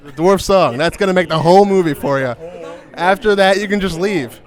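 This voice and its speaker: Upbeat young man, slightly high voice. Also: brisk, low-quality recording. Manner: joking, upbeat questioning. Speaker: host doing premiere interviews. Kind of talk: casual chat and interviews.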